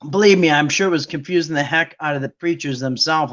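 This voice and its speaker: A man's voice: fairly high pitch, quick pace, hardly any pauses, fairly bright tone, highs cut off. A man hosting a Bible study talk, ranting with sarcasm in a rambling, casual monologue.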